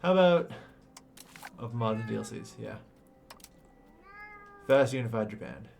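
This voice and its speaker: A young man streaming a strategy game, ranting and swearing in loud exasperated bursts, then muttering to himself. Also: fairly low pitch, expressive, measured pace, vocal fry, a little hiss or hum. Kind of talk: casual game stream commentary.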